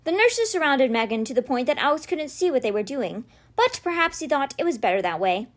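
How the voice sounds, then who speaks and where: A woman reading a children's novel aloud in a steady, gentle storytelling manner. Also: high-pitched, brisk. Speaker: read-aloud podcast host.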